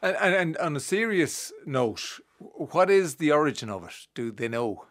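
A man's voice: a little high, big pitch swings, moderate pace, fairly bright tone. A man hosting a radio show, laughing easily and stumbling over his words. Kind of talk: radio interview.

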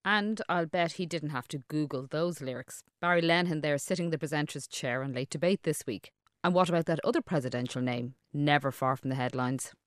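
A woman with a low, expressive voice reads wry scripted links between clips. The sound is dry and close. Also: fairly quick, no echo. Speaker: radio presenter.

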